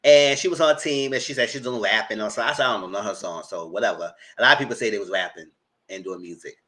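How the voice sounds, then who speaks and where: A man giving casual, chatty recap commentary on a reality show, often jumping into a high voice to mimic people. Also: quick pace. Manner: chatty, animated, mock-quotes people in a high voice. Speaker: TV recap host.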